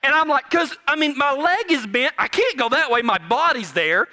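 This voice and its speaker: A man's voice: extremely high pitch, lively intonation, normal speed, pushed and bright. A middle-aged man preaching a sermon, telling folksy stories and joking with his congregation. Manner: folksy storytelling, jokes with the congregation. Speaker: pastor.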